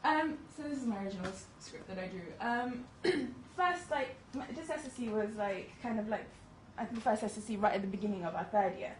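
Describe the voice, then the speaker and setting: A woman's voice: medium pitch, a little fast, few pauses. A woman in her twenties, a medical student, giving a chatty, self-deprecating talk to an audience and laughing often. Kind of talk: presentation to an audience. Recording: echoey room, distant mic, faint noise.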